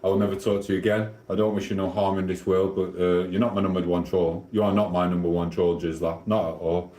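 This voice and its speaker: A man's voice: low-pitched, flat delivery, quick pace, dark tone. A middle-aged man with a Sheffield Yorkshire accent, chatting casually with his livestream viewers while cooking at home, rambling in a friendly, matey way. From Sheffield, South Yorkshire. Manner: rambling, matey banter with chat. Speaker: livestream host. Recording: roomy echoing room.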